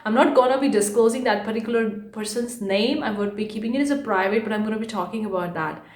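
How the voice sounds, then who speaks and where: A young woman vlogging casually to camera about her online art business, chatty and repetitive, a fast talker by habit. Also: on the high side, echoey room. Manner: chatty, repeats herself, fast-talking by habit. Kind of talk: casual vlog talk to camera.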